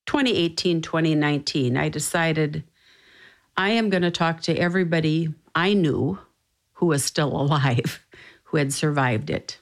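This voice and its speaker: A woman's voice: sits low, a little slow, low-quality recording. An older woman from Minnesota earnestly tells a personal family story, stopping to think and quoting others as she goes. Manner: earnest, reflective, quotes others in dialogue. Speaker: interviewee telling a family story. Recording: music bed under the voice.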